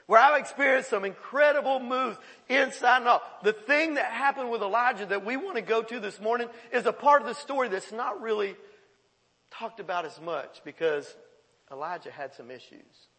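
A pastor preaches in a folksy, animated way. He retells an old story with quick asides and laughs. His voice sits high with a gravelly fry, and it carries a long reverb through the church. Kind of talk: sermon.

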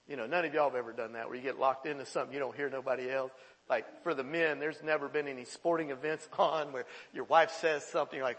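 A pastor preaching a sermon, his voice sitting high for a man. He tells stories in a loose, conversational way and laughs along with the room. The sound carries a long reverb from the church hall. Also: fairly quick. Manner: storytelling, conversational, animated with laughter. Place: church sanctuary.

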